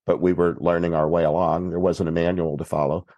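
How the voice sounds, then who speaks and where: A man from Texas, a priest guest on a podcast, telling a story in an unhurried, plainspoken way. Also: deep voice, flat delivery, warm tone, dry recording, highs cut off. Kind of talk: recounting a story in conversation.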